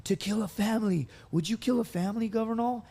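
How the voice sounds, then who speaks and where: A man's voice: high-pitched, fast talker, creaky, warm tone, pitched above the performer's own voice. A man voicing a drunk senior male Marine who taunts juniors in a raised, drawling voice. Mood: menacing taunt.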